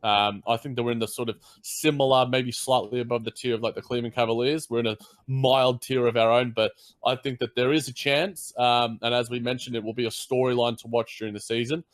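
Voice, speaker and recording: A man's voice: mid-range voice, fairly even intonation, brisk. A man with an Australian accent co-hosting a casual sports podcast, rambling with lots of fillers and restarts. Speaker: podcast co-host.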